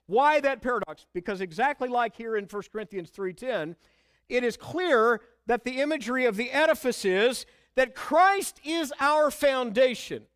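A man's voice: extremely high pitch, animated, moderate pace, fairly bright tone, clean tone, no room sound, clean studio sound. A man preaching an expository sermon, earnest and emphatic, quoting scripture and hymn lines.

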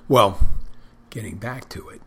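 A man, a bartender who podcasts, talking in a rambling, self-deprecating casual monologue with a loud barking delivery. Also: on the low side, a little slow, slight background noise.

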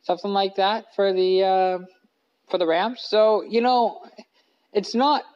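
A man's voice: high-pitched, unhurried, clear, resonant tone. Rambling man on a lo-fi podcast. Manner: rambling, self-correcting, with many fillers. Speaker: podcast host. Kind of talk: casual sports podcast talk. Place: living room couch.

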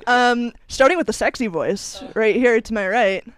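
A woman's voice: fairly high pitch, moderate pace, smooth. A woman hosting a podcast in casual, crude banter, laughing often and swearing freely. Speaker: podcast host.

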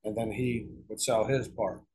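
A man's voice: lowish voice, fairly even intonation, moderate pace, a little mellow, breathy edge, poor audio. Rambling, profane middle-aged man storyteller. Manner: rambling, profane, with many restarts. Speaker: guest author. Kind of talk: casual storytelling interview.

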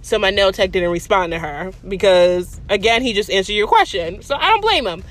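A woman telling a story in a vlog, blunt and profane, animated in her delivery. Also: mid-range voice, a little fast. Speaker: vlogger.

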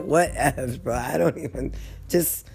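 A woman's voice: rumbling low, unhurried, creaky, darkish tone. A woman vlogger venting in a casual story, swearing constantly, rambling off topic and breaking into laughter often.

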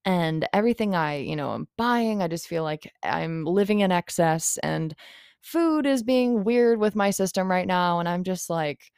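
A woman's voice: fairly low pitch, expressive, unhurried, darkish tone, clean tone, no room sound, clean studio sound. A young woman hosting a solo podcast, talking frankly and confessionally in a rambling way and swearing freely. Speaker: podcast host. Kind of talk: candid solo podcast monologue.

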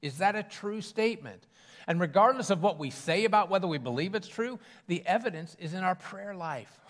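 Pastor preaching in a reverberant sanctuary. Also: male voice, sits high, expressive, brisk, a bit bright. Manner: conversational, with fillers and restarts. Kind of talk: sermon. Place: church sanctuary.

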